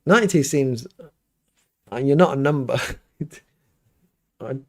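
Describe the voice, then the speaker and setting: Speaking at a measured pace in a slightly mellow, mid-range voice, a middle-aged man, who is a priest, runs a live question-and-answer stream from his home studio. His talk is casual and rambling, full of restarts and fillers.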